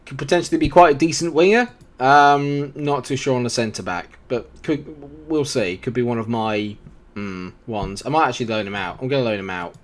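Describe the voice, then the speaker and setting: A man's voice: mid-range voice, fairly quick. A young man chatting through his game in casual commentary, joking at his own expense as he goes. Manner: chatty, jokey, self-deprecating asides. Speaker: gaming YouTuber.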